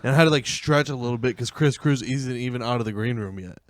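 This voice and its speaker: A man's voice: mid-range voice, quick pace, dry recording, clean studio sound. A man, a comedy podcast co-host, telling a loose, profane story with lots of laughter in casual chat. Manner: animated, swearing, laughing through anecdotes.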